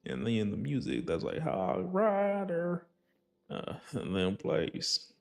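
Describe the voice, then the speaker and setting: A man's voice: low voice, sing-song, a little slow, vocal fry. A young man casually commenting on his gameplay, rambling and joking, sometimes slipping into a put-on folksy accent. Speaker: gaming channel host.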